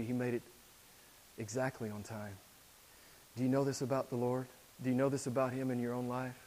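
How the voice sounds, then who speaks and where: A man preaching a sermon as pastor, moving between quiet, intense passages and loud exhortations. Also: a little high. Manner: swings from hushed to loud exhortation.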